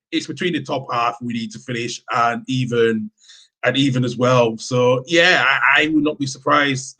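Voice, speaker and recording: Bloke, passionate football fan, mid-pitched voice, keeps restarting his sentences. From Yorkshire, England. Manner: animated, passionate fan talk with many restarts. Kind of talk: casual live-stream football chat.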